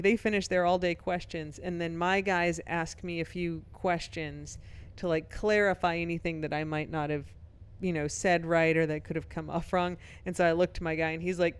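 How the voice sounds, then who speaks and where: A middle-aged woman co-hosting a podcast, telling a long story briskly and laughing now and then. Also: mid-range voice, clean tone. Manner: brisk anecdotal telling, laughs while talking. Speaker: podcast co-host; professor and author. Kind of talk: casual chat, storytelling.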